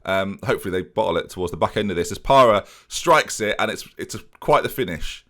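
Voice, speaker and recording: A young man casually commentating his football management game, jokey and self-mocking, with bursts of excitement. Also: on the low side, quick pace. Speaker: gaming YouTuber.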